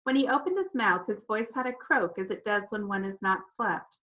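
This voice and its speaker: A woman narrating a children's novel in first person, animated and expressive, acting out the children's voices. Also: medium pitch, moderate pace, highs cut off. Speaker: audiobook narrator.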